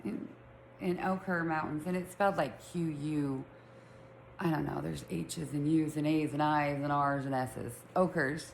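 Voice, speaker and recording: Rambling vlogger, woman, Utah accent, lisp, fairly low voice, roomy echo. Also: fairly even intonation, measured pace, creaky, slight background noise. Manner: chatty, rambling, self-teasing. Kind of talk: casual chat to camera. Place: room at home with pets.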